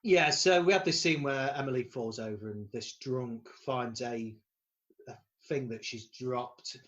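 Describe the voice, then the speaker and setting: A man's voice: medium pitch, measured pace, fairly bright tone, dull audio. A man co-hosting a podcast, casually recapping a horror film plot with swearing and laughter. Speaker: podcast co-host.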